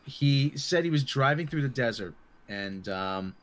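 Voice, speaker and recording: A man's voice: mid-range voice, lively intonation, a little slow, fairly bright tone. A man co-hosting a casual live-stream chat, rambling through a story with frequent restarts. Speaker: co-host.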